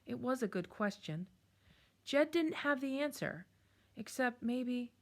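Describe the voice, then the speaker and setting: A woman reading a children's chapter book aloud in a calm, measured storytelling manner. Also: fairly high pitch. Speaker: storybook reader.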